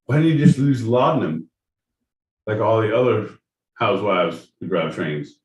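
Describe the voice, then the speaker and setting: A man's voice: lowish voice, animated, normal speed, distant mic. A man co-hosting a podcast, talking in rowdy, profane riffs and bursts of mock voices. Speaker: podcast co-host. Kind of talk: casual chat. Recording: roomy sound from off-mic.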